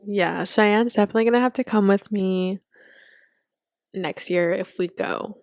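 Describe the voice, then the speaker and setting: A young woman co-hosting a podcast, telling animated stories in casual chat and laughing often. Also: medium pitch, unhurried, gravelly, dry recording, clean studio sound. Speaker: podcast co-host.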